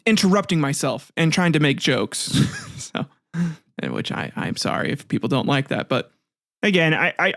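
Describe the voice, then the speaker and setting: A man's voice: fairly high pitch, a bit bright, no echo, clean studio sound. A man hosting a casual history podcast, retelling myths with crude jokey asides and frequent laughs. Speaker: podcast host.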